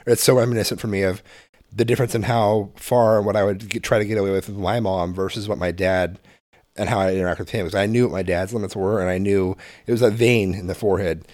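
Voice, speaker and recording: A man's voice: deep voice, darkish tone, no echo, studio quality. A man in his thirties chatting on a podcast, rambling and restarting his sentences with a chuckle. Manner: rambling, self-correcting, chuckling. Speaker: podcast co-host. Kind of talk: casual chat.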